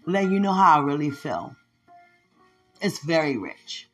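Woman host, slow and husky, lively swooping delivery, faint music underneath. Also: deep voice. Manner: playful, laughing, drawn-out exclamations. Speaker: podcast host. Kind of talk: affectionate casual monologue with prayer.

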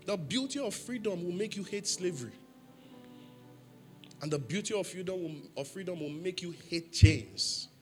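A man's voice: sits high, a bit bright. A man preaching a sermon in church, emphatic, asking the congregation questions for them to answer. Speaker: pastor.

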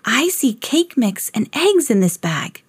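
A woman doing a high, excitable schoolgirl. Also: measured pace, slightly rough, dry recording, full character voice. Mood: excited.

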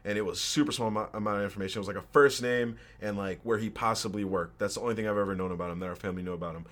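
A man's voice: lowish voice, fairly even intonation, very fast, a bit bright. A man in his twenties, a podcast guest, casually telling a personal story with slang and swearing. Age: 20s.

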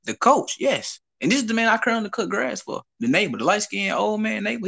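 A man's voice: high-pitched, a little fast, vocal fry. A young man hosting a podcast, telling stories in a loose, profane, casual chat. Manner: loose, profane storytelling with animated swings. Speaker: podcast host.

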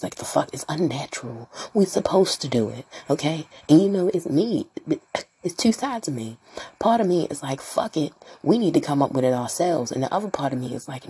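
Gravelly low-voiced woman ranting bluntly. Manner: profane, blunt and animated, swinging between loud outbursts and whispers. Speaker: podcast host and streamer. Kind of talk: casual solo podcast rant.

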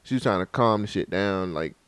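A man's voice: deep voice, brisk, a bit bright, clean tone, no room sound. A man telling a long, profane story in casual chat on a podcast, as a co-host.

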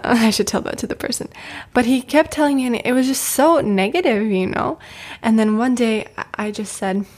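Chatty young woman giving advice. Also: mid-range voice. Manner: chatty, laughs often, many fillers and repeats. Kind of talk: casual advice monologue to camera.

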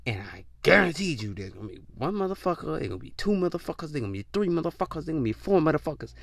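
A man hosting a podcast, ranting in a casual, profane, animated way and slipping into mock voices. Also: a little high, rapid-fire, creaky, no room sound. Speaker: podcast host. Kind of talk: casual opinion rant.

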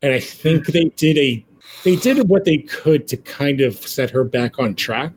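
A man's voice: a little high, lively intonation, a little slow, a little mellow, slightly rough, rough recording. A man co-hosting a casual podcast, speaking emphatically, swearing and mimicking lines of dialogue. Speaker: podcast co-host. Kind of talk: casual chat.

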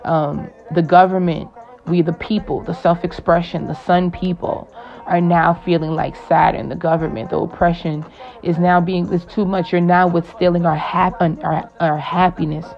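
A woman with a low, gravelly voice holds forth on the stars in a loose, slangy ramble, swearing freely and laughing often. The recording sounds muffled and lo-fi. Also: flat delivery, moderate pace. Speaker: astrologer. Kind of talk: casual astrology chat.

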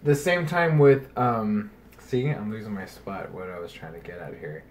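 A man co-hosting a podcast in casual chat, rambling and animated, swearing freely. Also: on the low side, normal speed, a little hiss or hum. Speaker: podcast co-host.

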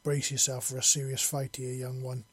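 A man reading the part of a stern older female alien clan matriarch who speaks calmly with restrained anger. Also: medium pitch, normal speed, breathy edge. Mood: grim.

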